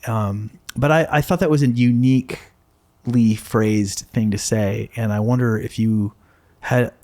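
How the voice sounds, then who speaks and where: Low-voiced hesitant man as podcast host. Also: steady tone, unhurried, dark tone. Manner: hesitant, many fillers and restarts when asking questions. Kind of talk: interview questions and backchannel.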